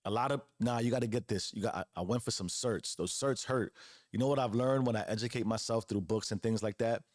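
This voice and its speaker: Speaking a little fast at a fairly low pitch, this forties-aged male host delivers an earnest, preachy motivational monologue full of casual slang and repeated phrases. It's a dry, clean studio recording made on a close podcast mic.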